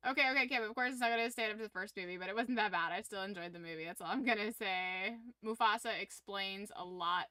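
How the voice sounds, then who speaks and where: A woman live-streaming to her viewers, talking in an animated, rambling way. Her voice is very bright and crisp, recorded dry and close. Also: mid-range voice, fast talker, hardly any pauses, dry recording. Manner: animated, rambling fan enthusiasm with frequent laughs. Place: home room with her collectibles behind her.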